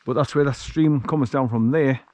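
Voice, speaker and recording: A man's voice: medium pitch, moderate pace, mellow. Chatty man walking a hill track. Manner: chatty and rambling, with frequent chuckles. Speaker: vlogger walking his dog. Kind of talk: casual walk-and-talk narration. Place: outdoors on a hill track in the countryside. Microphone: action camera carried while walking.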